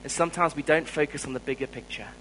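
In a rough recording with slight background noise, a South African-accented man preaches, earnestly sharing something personal and growing louder for emphasis. His pitch is a little high and his pace quick.

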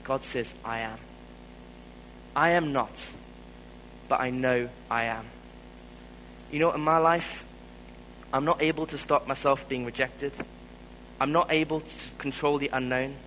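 A man with a South African accent preaching a sermon, telling a personal story in an earnest way and growing louder when he stresses a point. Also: medium pitch, fairly even intonation, measured pace, pauses often, slight background noise, low-quality recording.

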